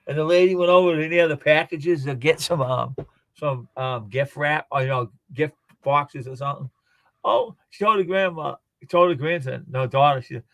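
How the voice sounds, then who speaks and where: A man's voice: on the high side, moderate pace, gravelly, fairly bright tone, dry recording. Guy rambling through stories on a live chat, dry close sound. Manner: rambling anecdotal storyteller. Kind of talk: casual chat.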